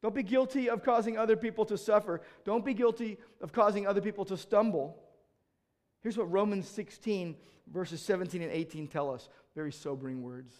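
A man with a high, bright-edged voice preaches a sermon. He swings between loud, urgent lines and soft, dropped passages. His stories come with acted-out exchanges. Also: brisk. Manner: emphatic, swings between loud urging and quiet, low delivery. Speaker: pastor.

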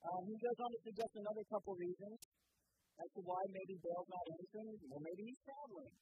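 Guy preaching, high-ish voice, reads scripture then talks it through loose, kinda dull recording w faint hiss. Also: fairly quick. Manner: reads scripture then explains it conversationally, with fillers. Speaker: pastor. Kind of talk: sermon with Bible reading.

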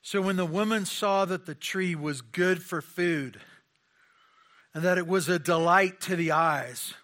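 A man's voice: high-pitched, unhurried, fairly bright tone. A man preaching a conversational sermon, asking rhetorical questions and often repeating his words.

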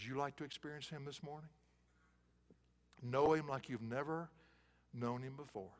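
A man preaching a sermon in an auditorium, swinging from hushed, soft passages to loud, emphatic bursts. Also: medium pitch, normal speed, pauses often, long reverb tail.

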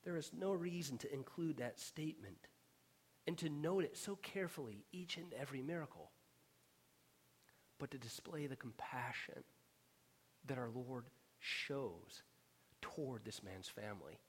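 A man preaching a sermon as pastor, earnest and emphatic, sometimes dropping to a hushed whisper on key words. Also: on the high side, lively intonation, normal speed, slightly rough.

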